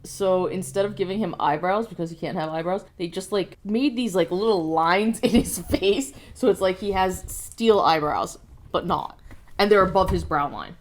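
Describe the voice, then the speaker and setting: A young adult woman co-hosting a toy review show, joking and chatting in a lively, casual way. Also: lowish voice, normal speed. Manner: playful, joking and animated.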